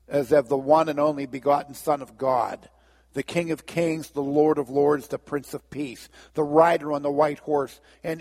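A man preaching a sermon as pastor, telling a story and acting out the characters' lines in lively voices. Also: a little high, in a large hall. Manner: storytelling, acts out biblical dialogue with lively voices.

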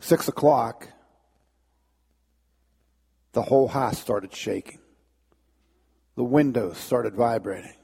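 A man telling a dramatic story as a sermon, halting and restarting as he builds tension. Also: mid-range voice, creaky, warm tone, husky, big-room sound.

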